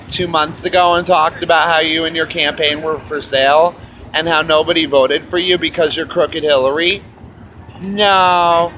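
A man with a high, bright, tense voice rants angrily on a busy city street, cursing and taunting over and over. He speaks straight to the camera in a heated, repetitive street rant. Faint traffic hums behind him. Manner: angry, profane, repetitive taunting.

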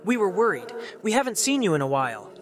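A man voicing a brave and kind young male bee in an animated storybook, friendly and earnest. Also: high-pitched, fast, background noise.

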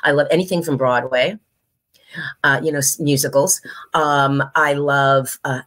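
A woman from the United States talks as a guest in a casual interview, with a fairly low voice. She is animated and laughs easily, and she slips into other people's voices when she quotes them. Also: a little slow. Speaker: guest actress.

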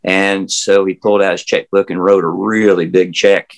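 Deep-voiced older Southern man telling stories. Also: level tone, normal speed, poor audio. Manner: rambling, folksy, many fillers and restarts. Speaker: interview guest, former historic house guide. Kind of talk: casual storytelling interview. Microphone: remote video call.

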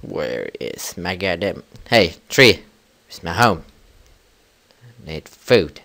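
A young man giving rambling, casual let's-play commentary as a gaming channel host, full of fillers and breaking into sudden loud yells. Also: low-pitched, big pitch swings, takes it slowly, creaky.

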